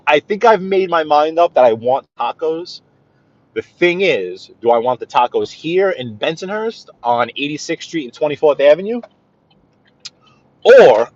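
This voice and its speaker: A man with a New York accent chatting to viewers while driving, greeting them by name and often clearing his throat. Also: a little high, highs cut off. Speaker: livestream host driving. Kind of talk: casual live-stream chat while driving. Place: inside a car on city streets.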